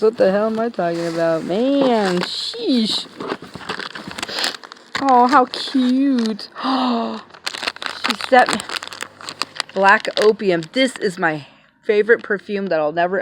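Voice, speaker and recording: A woman chats through a casual unboxing vlog, her voice sitting a little low. She sounds touched and grateful, and her talk stops and starts with fillers and repeated words. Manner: emotional, gushing and grateful; hesitant, many fillers and restarts. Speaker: vlogger. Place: home, passing cars heard outside.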